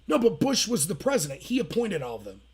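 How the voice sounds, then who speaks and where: An insistent young know-it-all at a college party who keeps nagging, quoted by a man. The delivery is pushy and a touch higher than his own voice. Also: wildly swooping pitch, quick pace, darkish tone, breathy edge, full character voice.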